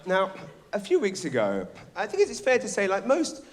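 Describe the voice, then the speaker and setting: A middle-aged man performing a rambling, animated stand-up comedy set on a theatre stage. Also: high voice, moderate pace. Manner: animated, shouting bits, rambling restarts. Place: theatre stage before a live audience.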